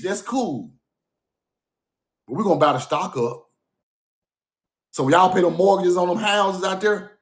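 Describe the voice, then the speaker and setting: Captured on a phone or streaming mic with a reverberant sound, a man with a highish voice talks casually and off the cuff on a livestream, hammering points through repetition and often bursting into laughter.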